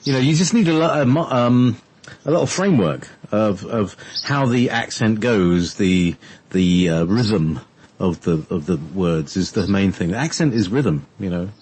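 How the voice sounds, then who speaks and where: A man co-hosting a casual talk show, rambling with sudden pitch swings. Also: expressive, normal speed, a little mellow, husky.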